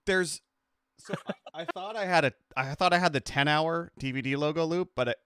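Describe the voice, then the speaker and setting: A man's voice: a little high, fairly quick, a bit bright, clear, resonant tone, no echo, clean studio sound. A man co-hosting a podcast in casual chat, rambling and trailing off into restarts, from a home setup. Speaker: podcast co-host.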